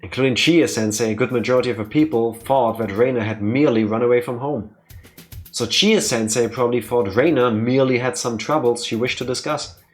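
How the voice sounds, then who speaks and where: A man's voice: mid-range voice, a little fast. A man hosting a let's play, reading a visual novel aloud with playful, joking asides.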